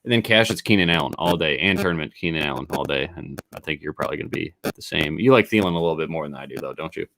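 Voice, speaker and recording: A man co-hosting a fantasy football show in casual chat, brisk as he runs the segment with quick picks. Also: rumbling low, creaky, fairly bright tone, rough recording. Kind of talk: casual sports betting chat. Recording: faint background noise.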